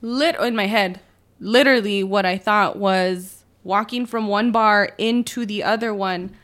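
A woman's voice: medium pitch, unhurried. A young woman co-hosting a podcast, telling a story in casual chat with lots of slang and swearing, acting out what people said. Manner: animated storytelling, heavy swearing and slang, acts out quotes. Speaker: podcast co-host.

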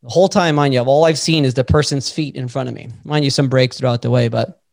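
A man hosting a podcast, telling a story in a lively, casual way and swearing freely. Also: mid-range voice, quick pace, creaky, dry recording, clean studio sound. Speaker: podcast host.

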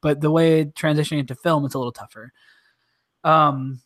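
A podcast co-host rambling through a retelling, swearing and slipping into quick mimicked voices. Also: mid-range voice, fairly even intonation, a bit bright, no echo, studio quality, soft background music. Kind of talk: casual chat.

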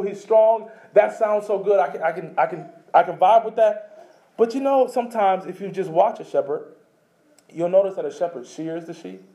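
A man preaching a sermon in a rather high voice with a mellow, warm tone. He presses points with emphasis, then drops to soft, hushed phrases. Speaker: pastor.

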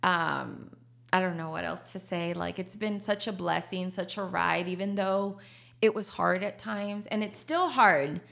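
A woman's voice: fairly low pitch, unhurried, vocal fry, a bit bright. A woman, a coffee shop owner talking casually in an interview, laughing often and slipping into Spanish. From Texas.

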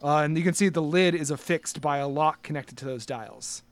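A young man narrating a tabletop role-playing game as game master, casual and halting with many fillers. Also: a little high, no room sound.

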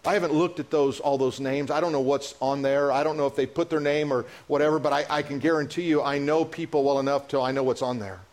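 A pastor preaching a sermon in a church, impassioned and building to emotional peaks, with halting restarts and repeats. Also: male voice, fairly high pitch, steady tone, darkish tone. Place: church sanctuary.

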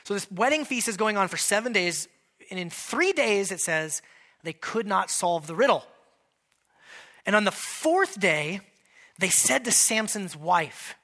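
A man's voice: high-pitched, a little slow. A male pastor preaching a sermon in a conversational, joking way, acting out quoted lines with a raised voice. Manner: conversational, joking, animated Bible teaching.

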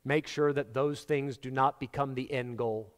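A man's voice: medium pitch, fairly even intonation, normal speed. A man preaching a sermon, telling stories dramatically and acting out the voices of the people in them. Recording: long hall reverb.

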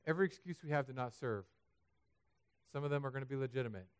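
Animated, joking male pastor. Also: mid-range voice, quick pace, clean tone. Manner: animated and humorous, building to loud emphatic peaks. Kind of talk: sermon. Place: church sanctuary.

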